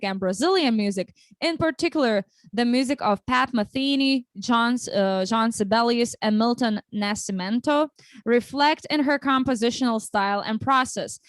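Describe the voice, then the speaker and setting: A woman's voice: on the high side, no room sound. A woman hosting a casual livestream interview, chatty and upbeat, often restarting her sentences. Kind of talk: casual chat.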